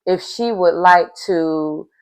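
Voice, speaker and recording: A woman's voice: lowish voice, slow pace, darkish tone. A woman recapping a reality show in a casual, chatty way, with sassy asides aimed straight at her viewers.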